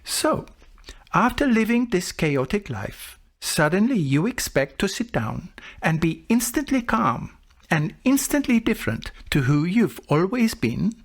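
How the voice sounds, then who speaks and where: A man voicing a calm, patient male Buddhist monk who teaches through gentle, measured questions. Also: a little high, pitched above the performer's own voice, full character voice. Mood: patiently questioning.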